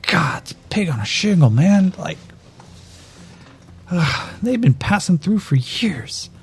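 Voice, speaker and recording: A man's voice: sits high, very animated, slow pace, husky, voice pushed up, heavily acted. A man voicing a furious, scheming older male mayor who rants and swears bitterly.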